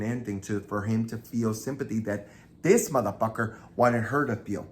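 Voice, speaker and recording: A man's voice: lowish voice, moderate pace, slight background noise. A man casually retelling a true crime story, acting out the quoted lines with lots of energy.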